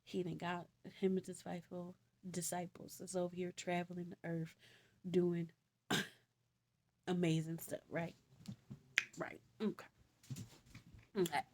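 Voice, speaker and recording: Woman vlogger, casual storyteller, slangy and animated, often exasperated. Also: fairly low pitch, slow pace, pauses often. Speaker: vlogger retelling Bible stories.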